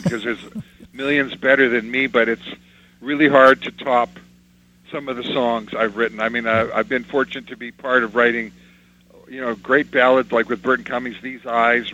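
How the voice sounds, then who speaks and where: A man's voice: medium pitch, little pitch movement, normal speed, pushed and bright. An older man from Canada, a musician, telling stories from his life in an interview and acting out the people he quotes. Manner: anecdotal, reminiscing, acts out quoted voices. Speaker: musician guest. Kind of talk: interview storytelling. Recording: slightly dull with faint hum.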